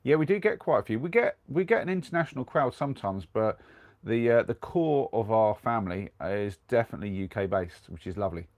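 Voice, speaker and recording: A man's voice: mid-range voice, lively intonation, brisk, a little mellow, no echo. A young man with a cold, chatting casually on a live stream from inside his camper van, rambling along and reading out viewer comments. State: has a cold.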